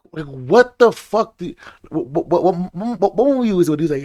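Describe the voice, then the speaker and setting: A man's voice: a little high, animated, normal speed, few pauses, darkish tone. A young man hosting a reaction video, ranting casually and swearing often.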